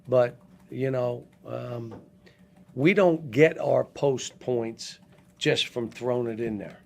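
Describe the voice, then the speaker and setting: An older basketball coach fields press questions after the game, blunt and halting with frequent restarts. He speaks in a mid-range, darkish voice with vocal fry.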